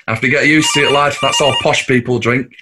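A man's voice: medium pitch, fairly even intonation, normal speed, noisy background, lightly acted. An actor with a Mancunian accent playing a scheming, boastful working-class husband and father, cocky and coarse. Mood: gleeful. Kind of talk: audio drama acting.

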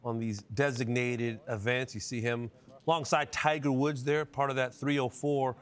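A man hosting a sports discussion show, briskly introducing clips and steering the talk. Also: mid-range voice, flat delivery, clean tone.

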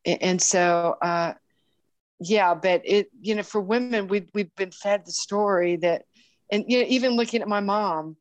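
A woman's voice: mid-range voice, no echo. A woman in her sixties, a guest talking casually in an interview with frequent restarts and fillers. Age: 60s. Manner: warm, halting, with many restarts and fillers.

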